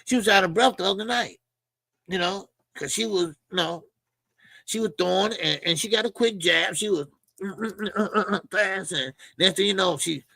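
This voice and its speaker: Gravelly, bright-voiced boxing commentator man. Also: high-pitched, moderate pace, dry recording. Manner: rambling, slangy, heavy with fillers and repeated words. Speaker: boxing channel host.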